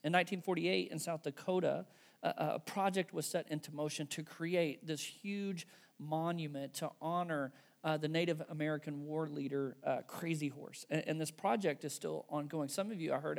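Man, pastor, sermon, gravelly, conversational, emphatic. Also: a little high. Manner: conversational, emphatic, tags with "right?" and "okay".

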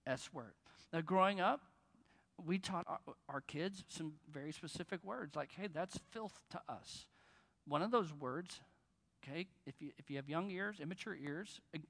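Joking pastor in echoing hall. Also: male voice, on the high side, fairly bright tone. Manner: conversational, joking, with bursts of emphasis. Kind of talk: sermon. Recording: long reverb of a large hall.

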